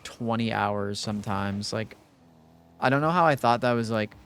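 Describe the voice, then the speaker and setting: A young man streaming live, chatting casually with his viewers in a relaxed, rambling way, full of fillers. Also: on the low side, normal speed, clean tone. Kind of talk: casual livestream chat with viewers.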